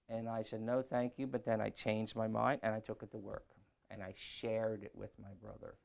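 A middle-aged man preaching a sermon, shifting from quiet talk to loud scripture reading. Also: on the low side, flat delivery, normal speed, vocal fry.

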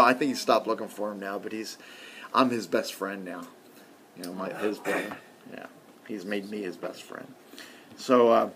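A man preaching a sermon in a conversational way, often adding "see" and "okay", and swinging from loud emphasis to quiet murmurs. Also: mid-range voice, a little hiss or hum.

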